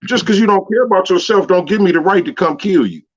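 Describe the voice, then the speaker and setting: A man's voice: high-pitched, animated, quick pace, muffled recording. A man co-hosting a call-in radio show, talking in a laid-back, slangy but emphatic way. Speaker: radio co-host. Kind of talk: casual call-in radio talk.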